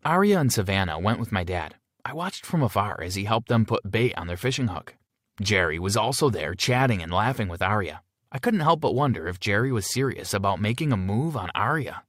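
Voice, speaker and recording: Low, lively male story narrator. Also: a little fast, no echo, studio quality. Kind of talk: first-person story narration.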